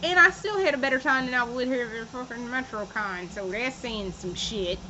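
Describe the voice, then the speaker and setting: A woman's voice: a little high, moderate pace, lo-fi sound, noisy background. A young woman chatting casually in a home vlog, profane and often laughing. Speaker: vlogger. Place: room at home.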